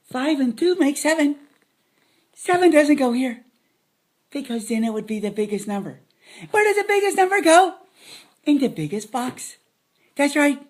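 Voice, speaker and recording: A woman's voice: high voice, big pitch swings, normal speed, pauses often, a little mellow. A woman giving a playful math lesson to children, dropping silly jokes as she counts. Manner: silly, joking asides.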